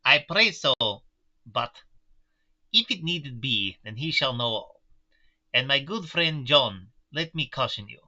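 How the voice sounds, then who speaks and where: A man voicing an old foreign professor with a put-on Central European accent, slow and solemn. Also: mid-range voice, bright, forceful tone, lo-fi sound.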